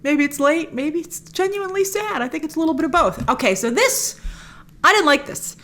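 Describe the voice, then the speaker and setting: A woman hosting a film trailer reaction, chatting in a casual, opinionated way with quick asides and quoted voices. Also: high-pitched, expressive, a bit bright.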